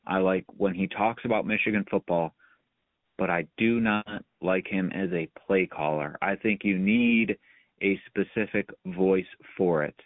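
A man's voice: low-pitched, a little slow, no echo. A man hosting a sports podcast, giving rambling, emphatic opinions in casual chat. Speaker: podcast host. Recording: dry, phone-like sound.

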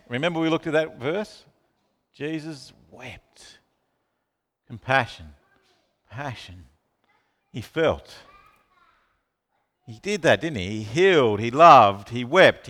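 A man preaching a sermon, asking the congregation questions and calling on listeners by name. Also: fairly high pitch. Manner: animated, asks the room questions, calls on listeners by name. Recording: long reverb of a hall.

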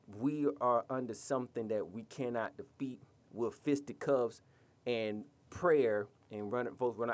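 Man, podcast host, blunt rant, profane, scolding, mid-pitched voice. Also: unhurried.

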